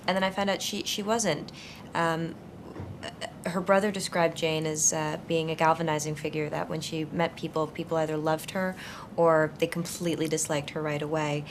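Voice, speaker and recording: Woman, twenties, low pitch, thoughtful, hesitant, interview answers. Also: a little hiss or hum. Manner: thoughtful, searching, frequent fillers and restarts. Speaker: actress being interviewed. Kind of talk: conversational interview.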